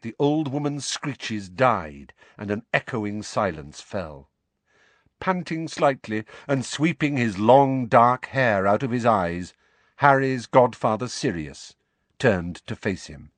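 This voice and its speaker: A man narrating an audiobook with a dramatic, expressive reading. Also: mid-range voice, slow pace, dry recording.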